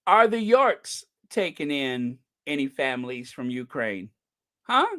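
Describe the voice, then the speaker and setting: A man hosting a casual livestream, chatting about news in a sarcastic, gossipy, animated way and laughing often. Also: mid-range voice, unhurried. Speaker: livestream host.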